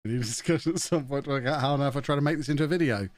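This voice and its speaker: Speaking rapid-fire in a mid-range voice, an English man chats casually on a live stream, close to his desk mic in a dry recording. He's jokey and laughs frequently, talking to those in the room as well as to the chat.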